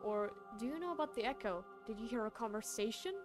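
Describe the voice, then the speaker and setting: Young woman, streamer, emotional, slightly high voice, game music behind. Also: lively intonation, fast. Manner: emotional, reads game text aloud. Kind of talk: casual let's-play commentary.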